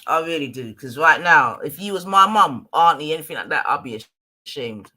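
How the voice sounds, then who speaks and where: Scornful London man hosting a livestream rant, piercing, sharp voice, slightly high. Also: expressive, moderate pace. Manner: scornful, loud, swearing. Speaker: livestream host.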